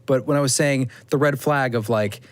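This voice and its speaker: A man's voice: mid-range voice, normal speed. A man co-hosting a casual podcast who laughs easily and keeps pulling the talk back on topic. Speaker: podcast co-host. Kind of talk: casual chat.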